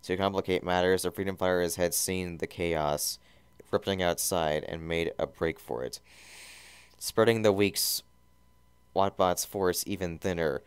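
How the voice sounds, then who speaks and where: A man's voice: deep voice, fairly even intonation, a little slow, clean tone, dry recording. A man giving a mock-serious comedic reading of a fan fiction, often stumbling and correcting himself.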